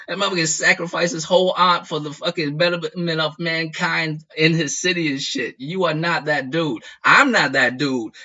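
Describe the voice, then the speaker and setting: Streamer type, man, a bit high and very bright, profane rant, dull lo-fi audio. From United States. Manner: profane, animated rant with frequent laughs. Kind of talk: casual chat.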